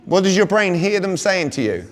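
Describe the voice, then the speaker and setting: A British man coaching a live audience, talking energetically and quizzing the room with rhetorical questions. His voice sits a little high for a man. A long hall reverb trails behind his words. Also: very animated, moderate pace. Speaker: communication coach speaking to a sales audience. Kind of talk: live seminar talk.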